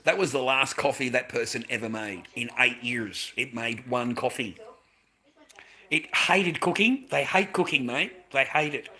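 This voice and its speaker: A man's voice: mid-range voice, measured pace, bright, forceful tone. An Australian man and father ranting to camera in a heated, swearing monologue, calling the listener mate. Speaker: vlogger, father.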